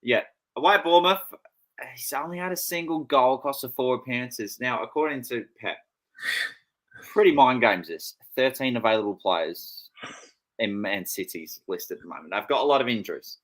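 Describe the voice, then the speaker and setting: A man with a bright, forceful voice co-hosting a podcast over an online call. He banters drily and runs through his stats in casual chat. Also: medium pitch, animated, moderate pace, low-quality recording. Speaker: podcast co-host.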